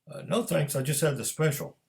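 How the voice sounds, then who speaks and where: A man's voice: fairly high pitch, a little fast, vocal fry, pitched above the performer's own voice. Man voicing an easygoing, curious detective.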